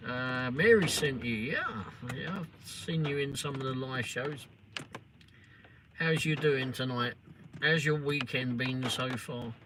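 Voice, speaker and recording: A man's voice: medium pitch, slow pace. A middle-aged English man hosting a live stream, chatting casually and sarcastically with viewers and teasing trolls. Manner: sarcastic, swears and teases trolls. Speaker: livestream host. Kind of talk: casual chat replying to live comments. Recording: noisy live stream audio.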